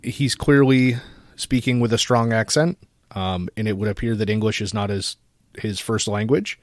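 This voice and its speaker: A man's voice: on the low side, moderate pace, no room sound, studio quality. A young adult man co-hosting a podcast, telling a story in a laid-back, casual chatty way with the odd swear word. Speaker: podcast co-host. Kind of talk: casual chat.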